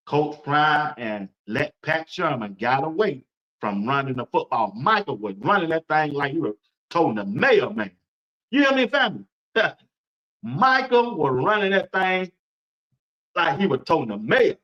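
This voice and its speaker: A man hosting a casual sports talk stream, animated, repeating his points and imitating crowd noises. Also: a little high. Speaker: sports talk show host. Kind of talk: casual sports commentary to viewers. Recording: dull lo-fi stream audio.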